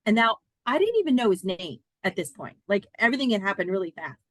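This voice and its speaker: A woman in her fifties, a podcast guest, telling a personal story in an earnest, animated, chatty way with many fillers. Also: mid-range voice, quick pace, no room sound.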